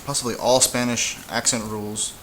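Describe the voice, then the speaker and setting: A man teaching a casual whiteboard lesson, relaxed and halting, with frequent fillers and restarts. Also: medium pitch, slight background noise, rough recording. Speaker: Spanish teacher.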